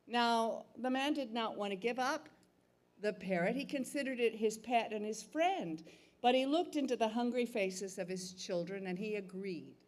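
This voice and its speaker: A middle-aged woman storyteller telling a folktale live in a museum theater, with dramatic, expressive delivery. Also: medium pitch. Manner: expressive, dramatic shifts between calm and loud.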